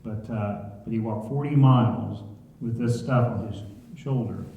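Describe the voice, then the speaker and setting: A man's voice: on the low side, measured pace, a little hiss or hum. Man teaching in an echoey church. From Ohio. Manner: conversational, asks the room questions. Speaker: pastor leading Bible study. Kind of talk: church Bible study teaching. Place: church sanctuary. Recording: echoey church hall, dull sound.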